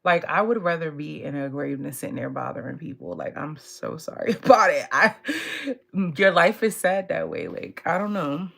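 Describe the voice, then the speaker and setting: A woman's voice: sits low, sing-song, normal speed, gravelly, fairly bright tone. A woman tarot reader talking in a casual, blunt and profane way, laughing often. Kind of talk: casual live tarot reading.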